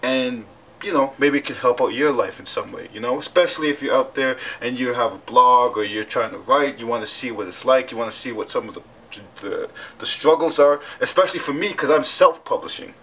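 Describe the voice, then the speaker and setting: A man's voice: mid-range voice, a little fast, fairly bright tone, slightly rough. A young man vlogging to camera in a chatty, self-mocking way while he has a cold. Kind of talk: casual vlog talk to camera.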